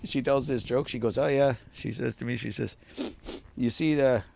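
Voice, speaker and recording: A man's voice: medium pitch, normal speed, vocal fry, no room sound. A middle-aged Canadian man swearing constantly as he tells stories in a casual podcast chat. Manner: swears constantly, animated storytelling. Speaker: podcast co-host.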